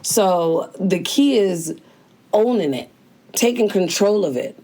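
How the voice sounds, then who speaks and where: A woman's voice: mid-range voice, slow pace, dark tone. A woman hosting a motivational daily talk, speaking casually and conversationally with slang, straight to the listener. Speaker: host.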